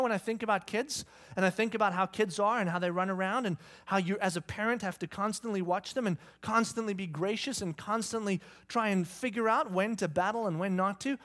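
A man in his thirties preaching a sermon, telling a funny story about his kids and acting out their shouting. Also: high voice. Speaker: pastor. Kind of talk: sermon with humorous family story.

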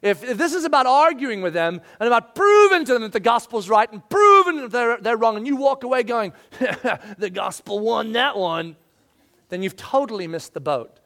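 High-voiced pastor, animated sermon. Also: male voice, a little fast, hardly any pauses. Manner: animated, swinging from loud to hushed.

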